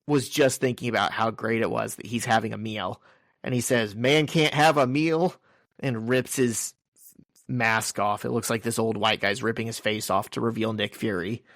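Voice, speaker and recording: A man in the middle pitch range chats loosely while he recaps a comic book page by page. He tosses in crude jokes. His voice sounds close and dry, with no room around it. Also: a bit bright, no room sound. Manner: crude, joking, recounts scenes in order. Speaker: podcast co-host. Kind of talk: casual chat recapping a comic.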